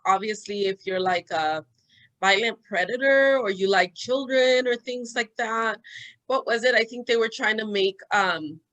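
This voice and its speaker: A woman's voice: mid-range voice, sharp tone, rough recording. A woman in a casual interview, giving thoughtful, hedged opinions with frequent ums and restarts.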